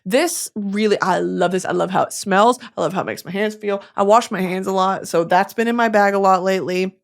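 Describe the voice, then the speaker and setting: This young podcast host talks fairly quickly in a mid-range voice with vocal fry. Her casual comedy monologue is loaded with profanity, theatrical asides and imitation voices.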